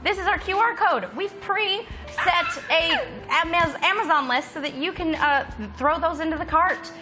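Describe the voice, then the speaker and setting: A woman hosting a studio craft show, playful and giggly in quick banter. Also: very high-pitched, music in the background. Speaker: host.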